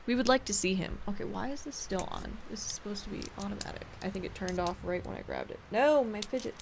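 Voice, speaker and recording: A woman's voice: medium pitch, lively intonation, quick pace, vocal fry, noisy background. A woman streamer chatting casually and rambling while she plays a game. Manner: rambling and chatty, with many fillers.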